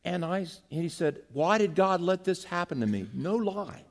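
Animated preaching man, wide-ranging voice. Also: moderate pace. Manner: animated, acts out quotes with big pitch jumps, has congregation repeat lines. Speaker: pastor. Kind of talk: sermon.

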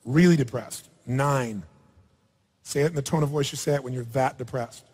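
A man's voice: medium pitch, moderate pace, darkish tone, slightly rough. A man leading a live seminar, coaching a participant in front of an audience with a blunt, provocative manner and free swearing. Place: large hall with audience. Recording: long hall reverb.

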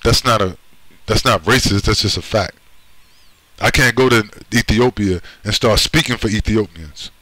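Brief: American man, low voice, forceful and tense, insistent and profane, dry close sound. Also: moderate pace, dry recording, low-quality recording. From United States. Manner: insistent, repeats "right?" and "you see?"; profane, blunt. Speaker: video commentator. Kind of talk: emphatic monologue.

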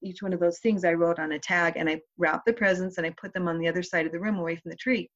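Mother guest telling a heartfelt story with halting pauses; slightly dull, muffled clip. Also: fairly low pitch, steady tone, a bit bright. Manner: heartfelt, hesitant, with pauses and restarts. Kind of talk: personal storytelling.

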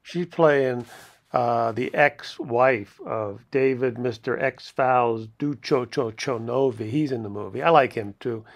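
Gravelly, rambling male movie reviewer. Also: medium pitch, measured pace. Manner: rambling, chuckling often, with asides. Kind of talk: casual video review commentary.

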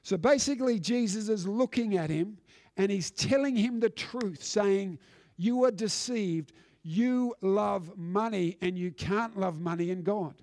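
High-pitched guy preaching in church, emphatic, keeps restarting, dry sound. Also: measured pace, darkish tone, no room sound. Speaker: pastor. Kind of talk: sermon.

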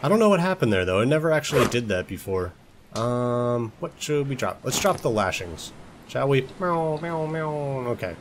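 A man's voice: mid-range voice, sing-song, a little fast, noisy background. A young man giving casual gameplay commentary as a let's play host, joking, swearing lightly and talking to things in the game. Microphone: desktop recording mic.

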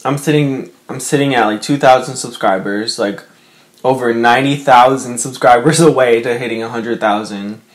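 Talking at a normal pace in a mid-range voice, this young man vlogs from his bedroom. He's a mukbang vlogger chatting casually to camera, emotional and rambling, his speech packed with fillers.

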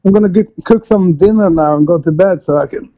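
A man's voice: sits high, highs cut off. Norwegian man chatting over a call. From Norway. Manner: relaxed, halting, with many fillers and restarts. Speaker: guest musician. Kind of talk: casual remote interview.

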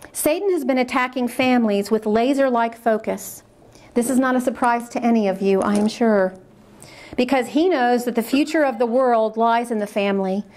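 A woman's voice: a little high, a little mellow. A woman speaking at a religious conference, reading diary passages aloud and commenting on them in an earnest way, repeating words when she is moved.

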